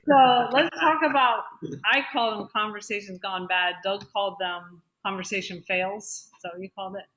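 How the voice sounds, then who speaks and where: A woman leads a relaxed lunch meeting over a video call. Her voice is bright and clear, and she speaks in an upbeat, joking way. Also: medium pitch, moderate pace, rough recording. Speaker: meeting host. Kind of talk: casual meeting talk.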